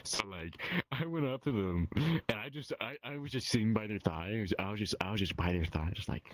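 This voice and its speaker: A man's voice: lowish voice, fast talker, few pauses, dry recording. A man chatting as a guest on a livestream, rambling and crude with many fillers. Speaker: stream guest. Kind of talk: casual chat.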